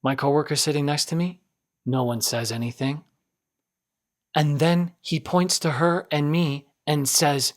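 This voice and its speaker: Speaking at a measured pace with fairly even intonation and a fairly high pitch, a man in his twenties tells a rambling, self-mocking story on the podcast he hosts. The casual tale keeps circling back and repeating itself.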